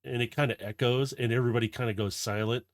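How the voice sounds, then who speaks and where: A man's voice: mid-range voice, steady tone, fast, dry recording. A man running a tabletop game as game master, narrating scenes in a loose, rambling way. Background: faint fight music.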